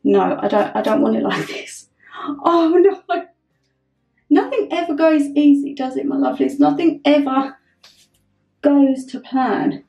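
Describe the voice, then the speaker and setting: A woman's voice: high-pitched, expressive, normal speed, creaky, warm tone, dull audio, soft background music. A young woman chatting through a getting-ready vlog at home, flustered and self-mocking. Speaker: vlogger.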